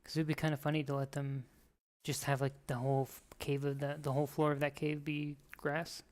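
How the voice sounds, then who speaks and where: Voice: mid-range voice, brisk. A streamer chatting casually while playing a game, telling rambling, joking stories. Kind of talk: casual chat while gaming. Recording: steady background noise.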